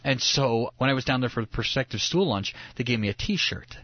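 A man's voice: mid-range voice, animated, brisk, no room sound. A young man co-hosting a studio talk show, a pastor who rambles through his story with restarts and chuckles. The sound is dull and slightly muffled, recorded dry with no room around it. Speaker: co-host, pastor. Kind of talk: casual studio chat. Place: radio studio.

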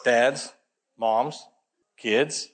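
A male pastor preaching a sermon, telling a story with lively acted-out dialogue and dropping low for emphasis. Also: very slow. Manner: animated, acts out dialogue, drops low for emphasis.

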